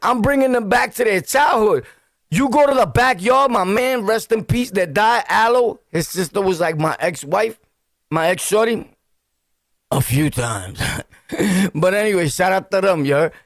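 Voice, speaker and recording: A man's voice: sits high, expressive, a little slow, dry recording, studio quality. A middle-aged man from Brooklyn with a New York accent, telling street stories to the camera in slang, acting out scenes with yelps and sound effects. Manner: slangy, laughing, talks straight to viewers. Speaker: storytelling vlogger. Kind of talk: animated street storytelling.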